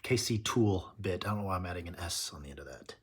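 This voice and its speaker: On his tool channel, a male host chats casually and nerdily through an unboxing, correcting himself as he goes. His voice sits low, sounds husky and expressive, and moves at a quick pace.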